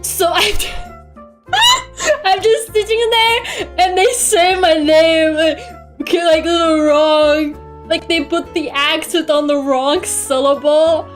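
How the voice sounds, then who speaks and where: A woman's voice: extremely high pitch, slow pace. A young woman chatting casually on a stream while drawing. She grumbles, swears freely and giggles often. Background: faint music.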